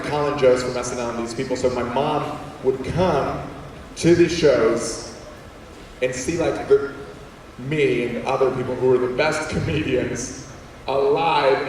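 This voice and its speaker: A young adult man telling funny stories as a guest speaker in a large school auditorium, animated and acting out quotes in voices. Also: medium pitch, a little hiss or hum. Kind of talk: comedic storytelling talk. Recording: echoey hall, distant mic.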